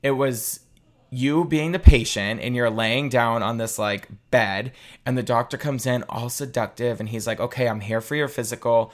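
A young man telling a casual, candid story, animated and swearing freely. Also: mid-range voice, moderate pace.

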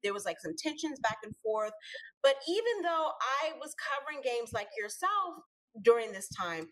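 A woman's voice: sits high, very animated, moderate pace, rough recording. A woman, a podcast co-host, asking questions in a chatty, casual interview.

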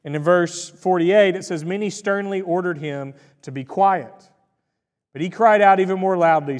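A man's voice: sits high, normal speed, big-room sound. A man preaching a sermon in a conversational, folksy storytelling way, with asides to the congregation. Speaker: pastor.

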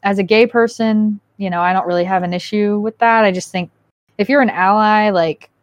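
A woman hosting a podcast in casual chat, a candid and animated storyteller who slips into quoted asides. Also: medium pitch, normal speed, dry recording, dull audio. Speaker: podcast host.

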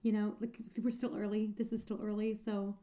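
A woman co-hosting a book podcast in casual chat, halting and full of fillers. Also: mid-range voice, level tone, warm tone. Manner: chatty, halting, many fillers and restarts. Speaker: podcast co-host.

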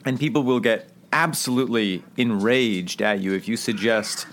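A man on a trivia team, talking in a measured, explanatory way with dry wordplay. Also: on the low side, noisy background. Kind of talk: casual podcast chat.

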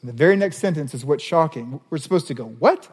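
A man preaching a sermon as a pastor, animated, reading scripture passages aloud. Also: a little high, fast, long reverb tail.

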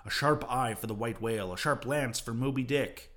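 A man voicing a rough male whaling crew shouting in unison. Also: mid-range voice, normal speed, natural voice. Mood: rousing.

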